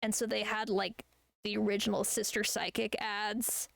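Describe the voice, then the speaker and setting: A woman's voice: medium pitch, flat delivery, normal speed, vocal fry, a bit bright, no room sound. A young woman streaming as an artist, chatting casually while drawing. She rambles, laughs often and swears freely.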